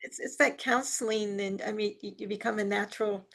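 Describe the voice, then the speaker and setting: A woman hosts a relaxed talk-show interview. She adds her own reflections in short bursts and agrees readily with her guest. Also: mid-range voice, fairly quick. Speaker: show host. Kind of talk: casual interview chat.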